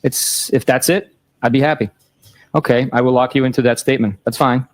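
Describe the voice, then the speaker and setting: A man reads texts aloud in court, including their timestamps, speaking into the courtroom microphone a little fast. His pitch is medium and his tone flat and matter-of-fact.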